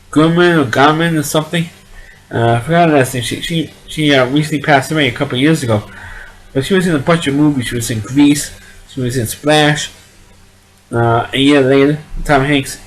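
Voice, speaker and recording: A man's voice: mid-range voice, rough recording. A man giving a casual spoken movie review, rambling along and often repeating and restarting his words.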